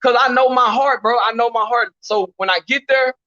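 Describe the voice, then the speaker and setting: A guest from Texas, talking at an ordinary pace, narrates prison experiences in a relaxed storytelling interview. His bright, high voice carries animated slang and the recurring "you know what I'm saying." The audio is lo-fi and dull.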